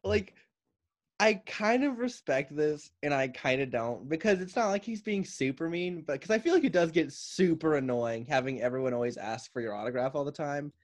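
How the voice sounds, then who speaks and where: A man's voice: a little high, expressive, moderate pace. A man co-hosting a comedy podcast, rambling and giggling, full of "like". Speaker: podcast co-host. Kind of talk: casual comedy podcast chat.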